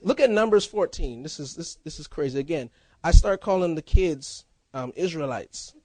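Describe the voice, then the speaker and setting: A man preaching a sermon as pastor, in a lively, conversational style with casual banter. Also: fairly high pitch, moderate pace, dry recording. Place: church.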